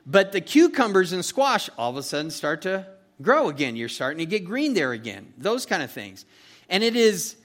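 A man's voice: high voice, sing-song, moderate pace, fairly bright tone. Folksy, chatty man teaching a sermon. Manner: folksy and chatty, asks "okay?" and "you know", with many fillers. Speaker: pastor teaching a Bible study. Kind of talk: conversational verse-by-verse sermon.

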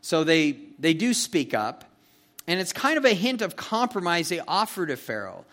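A man with a slightly raised pitch teaching a verse-by-verse sermon. He talks in a folksy, chatty way, full of fillers, and keeps checking in with his listeners. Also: very animated, normal speed, a bit bright. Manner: folksy and chatty, asks "okay?" and "you know", with many fillers. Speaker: pastor teaching a Bible study.

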